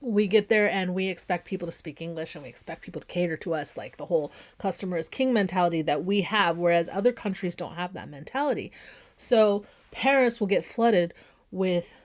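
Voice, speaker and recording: A woman's voice: on the low side, expressive, brisk. Woman, flight attendant, casual reaction commentary, chatty, opinionated. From United States.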